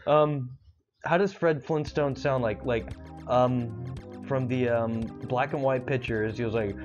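A man's voice: mid-range voice, unhurried. A man chatting hesitantly and with embarrassment while playing a video game, often breaking into giggles. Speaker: co-host of a gaming show. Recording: slightly dull lo-fi recording with loud game music.

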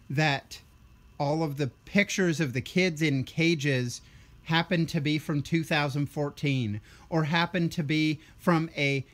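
A young man with a somewhat high voice delivers a blunt, sarcastic political rant. He sounds tired, with a ranting, combative edge throughout. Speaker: vlogger.

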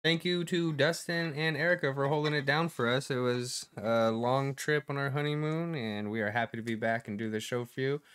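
Smooth-voiced man co-hosting a chat podcast. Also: mid-range voice, steady tone, moderate pace, hardly any pauses, a bit bright. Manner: loose, joking, swears freely. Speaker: podcast co-host. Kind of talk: casual reality-TV reaction chat.

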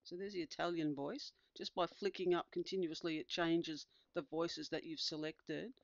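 An instructor calmly explaining a tablet feature step by step, with small fillers along the way. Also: mid-range voice, moderate pace, creaky, no echo, dull audio. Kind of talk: screen-recorded tutorial demonstration.

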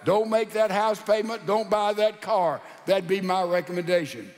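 A male pastor preaching a sermon in a folksy, animated storytelling style with rhetorical asides. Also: high-pitched, moderate pace, in a large hall.

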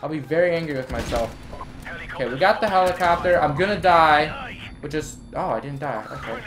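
A man's voice: fairly high pitch, animated, brisk. A man giving gameplay commentary, ranting and swearing as he grows frustrated. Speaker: gamer and channel host. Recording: game gunfire loud behind voice. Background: shooter game gunfire and explosions.

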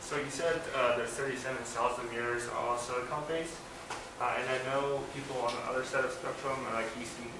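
A man in the audience asking technical questions, halting and searching for words. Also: medium pitch, fairly even intonation. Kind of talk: academic Q&A question. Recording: very echoey, distant, noisy room.

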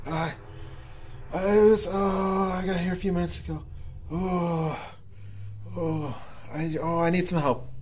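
A man's voice: sits high, steady tone, takes it slowly, long pauses, darkish tone, slight background noise. A man voicing a young woman in painful labor, panicked and pleading in breathless cries.

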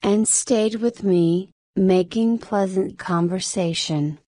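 A woman reading a story aloud for English learners in a clear, steady way. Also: mid-range voice, takes it slowly, dry recording. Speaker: story reader.

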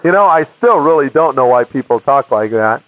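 An American man telling his personal faith testimony as an animated storyteller, acting out the voices of people he quotes. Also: mid-range voice, brisk. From United States. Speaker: evangelist giving his testimony. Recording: muffled dry archive recording.

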